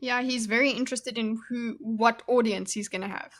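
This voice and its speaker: A woman's voice: on the high side, fairly even intonation, moderate pace. A woman co-hosting a podcast readthrough, chatting casually about the story and laughing easily. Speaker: co-host of a book readthrough. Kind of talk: casual chat.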